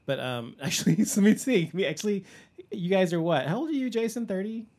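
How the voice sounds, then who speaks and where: A man's voice: sits high, brisk. A middle-aged man hosting a casual podcast chat, telling stories animatedly, laughing often and acting out what people said. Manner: animated storyteller, laughs often, acts out quotes. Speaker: podcast host.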